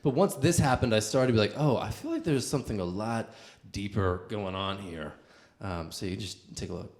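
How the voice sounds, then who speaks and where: A man's voice: fairly low pitch, animated, brisk, darkish tone. A young man, a comedian, telling a rambling story to a live audience in a casual, chatty way with lots of fillers.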